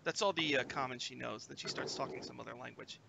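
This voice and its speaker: A man narrating as game master of a tabletop game, animated and given to acting out creatures. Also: medium pitch, quick pace, vocal fry, noisy background. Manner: animated, acts out creatures with shouts.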